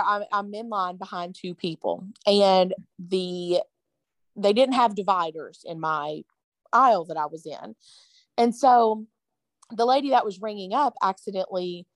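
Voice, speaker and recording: A woman's voice: mid-range voice, no echo. Tired woman in dry chat. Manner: chatty storyteller with fillers. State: tired, yawning. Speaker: podcast co-host. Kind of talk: casual chat.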